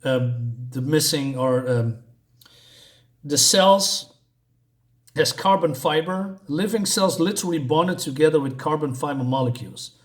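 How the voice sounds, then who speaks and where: A man's voice: fairly high pitch, lively intonation, a little slow. A man reviewing a comic book in a casual, rambling way, full of fillers and small chuckles. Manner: rambling, hesitant, many fillers; chuckles between points.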